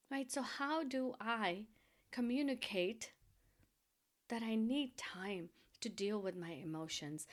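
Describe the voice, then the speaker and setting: A middle-aged woman hosting a podcast, giving gentle advice in a soft, slow, reassuring voice that often drops to a whisper. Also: mid-range voice. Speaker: podcast host.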